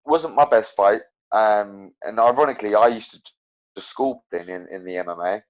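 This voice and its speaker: On dull lo-fi podcast audio, a young professional fighter chats casually as a guest, his animated storytelling riddled with fillers and restarts. His voice is on the low side, with a moderate pace.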